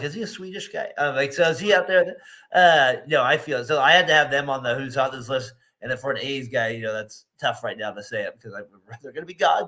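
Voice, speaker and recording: A man co-hosts a casual baseball talk show, rambling, laughing often, and acting out quotes from other people. His mid-range voice has a sharp tone.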